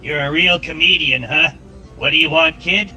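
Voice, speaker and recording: A text-to-speech man's voice playing a gruff, streetwise male drug dealer who talks in a blunt, mocking way. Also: a little high, normal speed, bright, forceful tone, faint music behind, pitched above the performer's own voice, low-quality recording.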